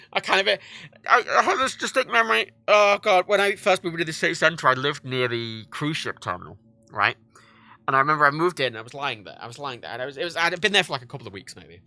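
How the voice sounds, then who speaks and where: A man's voice: a little high, expressive, fast talker, vocal fry, pushed and bright, no room sound. A man livestreaming from home, chatting in a rambling, profane way and often cutting himself off. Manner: rambling, profane, self-interrupting. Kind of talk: casual rambling chat.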